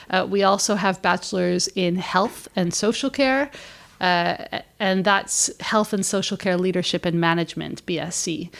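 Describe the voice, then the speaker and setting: Speaking with vocal fry at a medium pitch, a middle-aged Canadian woman explains things warmly and with plenty of fillers. She's the head of marketing, appearing as a guest on a podcast interview.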